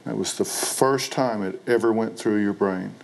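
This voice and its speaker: A talk show host, a man, pressing his guests with direct questions. His voice sits low and carries a gravelly texture, steady and controlled. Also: normal speed. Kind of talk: probing TV interview questions.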